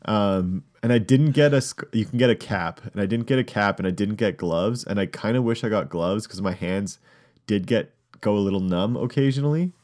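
Casting: male podcast co-host, fairly low voice, rambling storyteller, casual. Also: brisk, darkish tone. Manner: rambling storyteller, filler-heavy.

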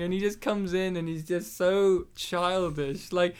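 A man's voice: high voice, steady tone, smooth. Male podcast co-host, casual film banter, jokey asides. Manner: joking, acts out characters in quick asides. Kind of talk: casual movie commentary chat.

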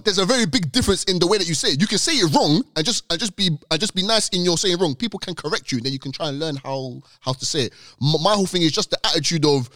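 A fast-talking man makes his case on a podcast, his pitch rising and falling a lot. He is insistent and acts out the people he quotes. The sound is close and dry. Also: lively intonation, a bit bright, dry recording. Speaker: podcast co-host. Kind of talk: casual podcast debate.

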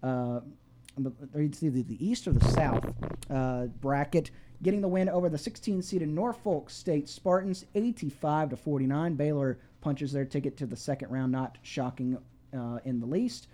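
A man's voice: a little high, normal speed, mellow, slight background noise. A man hosting a call-in sports radio show, reading scores and chatting casually with fillers and restarts. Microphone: studio microphone.

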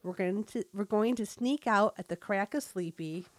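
A woman's voice: mid-range voice, normal speed, slight background noise, natural voice. A woman voicing a cheerful, chatty small-town mom with a North Dakota accent, reading a comic story aloud. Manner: folksy, bubbly storytelling.

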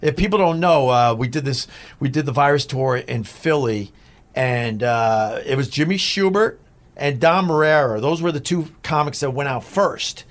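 A man's voice: mid-range voice, normal speed. A middle-aged man, a former radio host, telling a rambling, profane story as a guest. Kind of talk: casual storytelling.

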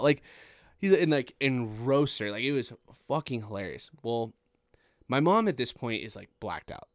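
A man's voice: mid-range voice, expressive, normal speed, dry recording, clean studio sound. A young man in his twenties telling a long, rambling, profane story in casual chat and laughing at it.

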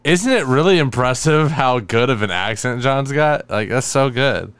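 A man's voice: mid-range voice, animated, moderate pace, a bit bright, clear, resonant tone, dry recording, studio quality. A man co-hosting a podcast, trading wry, sarcastic banter in casual chat. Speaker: podcast co-host.

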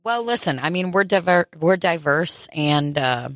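A woman's voice: fairly low pitch, lively intonation, measured pace, fairly bright tone, no room sound, studio quality. A woman co-hosting a casual podcast who rambles, swears freely and laughs often. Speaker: podcast co-host. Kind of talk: casual crude podcast banter.

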